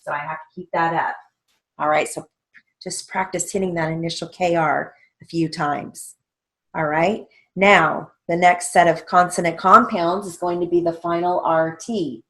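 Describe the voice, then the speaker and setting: A woman walks students through a stenography theory lesson. She speaks slowly and carefully, in a slightly low voice, and spells out letters and key strokes one by one. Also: fairly even intonation, fairly bright tone. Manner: slow, methodical, spells out letters and keys. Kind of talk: instructional lesson walkthrough.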